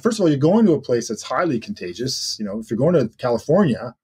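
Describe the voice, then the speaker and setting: Husky man chatting on a podcast. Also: mid-range voice, sing-song, fast talker, a little mellow. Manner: conversational, rambling with restarts and asides. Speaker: podcast co-host. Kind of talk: casual current-affairs chat.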